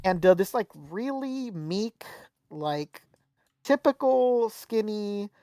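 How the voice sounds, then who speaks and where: This young man speaks slowly in a high voice, captured in a dry recording. As a podcast co-host in casual conversation, he tells a story with plenty of swearing, performing the quotes with animation.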